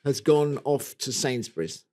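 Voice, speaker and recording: A man's voice: medium pitch, expressive, a little slow, dark tone. A man co-hosting a casual podcast chat, rambling and playful, often restarting his sentences. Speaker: podcast co-host.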